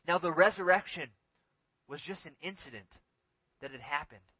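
Forceful, bright-voiced male preacher. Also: a little high, expressive, moderate pace, slightly rough, no echo. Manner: dramatic, swings between forceful emphasis and hushed lines. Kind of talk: sermon.

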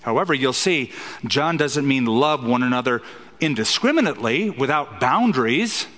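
A man's voice: medium pitch, lively intonation, moderate pace, a bit bright, long reverb tail. A man preaching an expository sermon as a pastor, emphatic and fond of rhetorical questions.

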